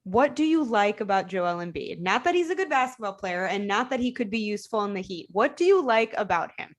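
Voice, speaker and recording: A young woman from Chicago with a light Chicago accent, co-hosting a sports podcast in a blunt, teasing, animated way. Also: medium pitch, brisk. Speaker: podcast co-host. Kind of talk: casual sports debate.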